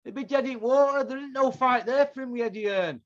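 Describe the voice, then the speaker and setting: Guy on his show going off, sweary heated rant, highish voice, kinda muffled lo-fi audio. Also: fairly quick. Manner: profane, heated, repetitive ranting. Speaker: podcast host. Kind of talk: angry ranting commentary. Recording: dull lo-fi sound.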